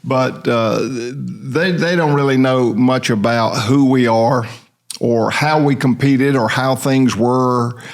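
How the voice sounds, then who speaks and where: A man's voice: medium pitch, fairly even intonation, slow pace. An older man hosting a casual podcast chat, rambling along in a folksy storytelling way. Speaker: host.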